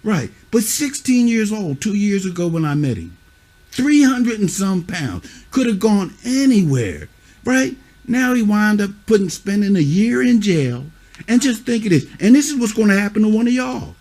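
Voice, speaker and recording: High-voiced middle-aged man as a tough mentor, scolding kids bluntly. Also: very animated, normal speed, darkish tone. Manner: scolding, repeats "huh?" and "you see what I'm saying"; blunt, curses. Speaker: youth mentor. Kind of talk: stern lecture to children.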